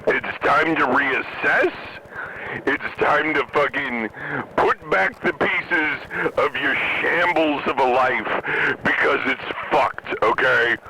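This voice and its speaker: Slow, bright-voiced ranting man. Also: medium pitch, a little hiss or hum, low-quality recording. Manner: angry, profane, emphatic. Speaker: podcast host. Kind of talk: profane political rant. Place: in a moving vehicle.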